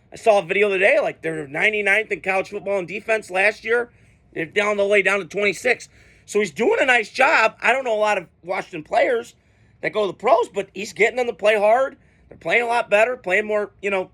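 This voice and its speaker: A man's voice: high voice, bright, forceful tone. A man ranting through a football reaction video in a blunt, profane, worked-up way, swearing freely at his team and its coach. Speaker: sports fan vlogger. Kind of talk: profane sports reaction rant.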